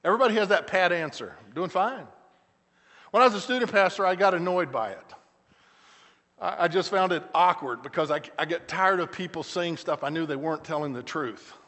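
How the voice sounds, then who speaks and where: A middle-aged man, a pastor preaching a sermon, telling stories with frequent restarts and shifting between loud emphatic lines and quiet, slow asides. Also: a little high. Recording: church hall with long reverb.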